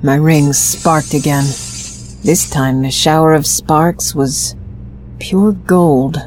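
Woman narrator, very low voice, first-person scripted narration, steady delivery. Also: slow, soft background music.

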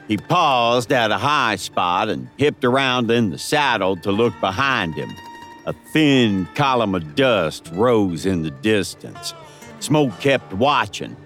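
A man narrating a western audiobook in a dramatic, expressive storytelling manner. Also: medium pitch.

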